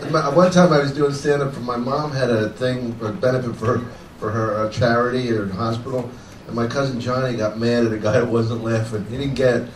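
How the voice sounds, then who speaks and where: A man's voice: medium pitch, a little fast. A man, a comedian, telling profane stories in casual banter on stage. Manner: profane, animated storyteller. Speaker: guest comedian. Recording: echoey room, distant mic, noisy.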